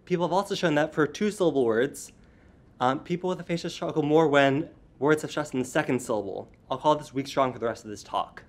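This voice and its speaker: A man giving a short academic research talk, explaining his study clearly and stressing contrasting words, with a few ums. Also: a little high, fairly quick. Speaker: student researcher presenting a study.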